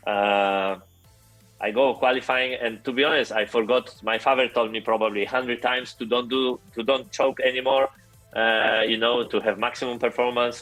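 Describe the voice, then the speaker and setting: Brief: Polish-accented male guest, low voice, halting with fillers, faint music under. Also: fairly bright tone, rough recording. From Poland. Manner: halting, many fillers and restarts. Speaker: interview guest. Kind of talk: casual storytelling interview.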